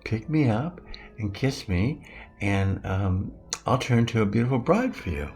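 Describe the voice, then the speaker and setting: Brief: older man doing a pleading little female frog, high and gravelly. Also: animated, unhurried, darkish tone, faint music behind. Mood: coaxing. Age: 70s. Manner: coaxing, pleading. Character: small chirpy female talking frog.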